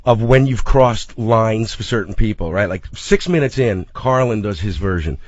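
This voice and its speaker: Excitable lower-voiced man chatting. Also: normal speed, dry recording. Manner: animated, laughing, tumbling restarts. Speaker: comedian and film director, guest. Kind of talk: casual radio chat. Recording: dull, dry studio sound.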